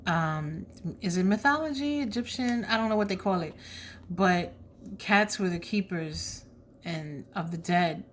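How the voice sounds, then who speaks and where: A woman's voice: lowish voice, slight background noise. A woman giving a casual tarot reading, blunt and chatty, with slang asides. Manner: drops to a soft whisper when asking spirit. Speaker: tarot reader.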